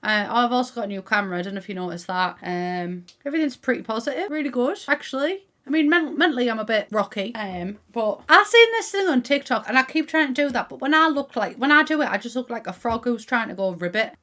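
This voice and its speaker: A woman's voice: fairly high pitch, animated, fast talker, few pauses, sharp tone. A young woman from Middlesbrough with a Teesside accent, chatting casually to camera as a gaming YouTuber, rambling with restarts and local slang. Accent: Teesside English. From Middlesbrough, England.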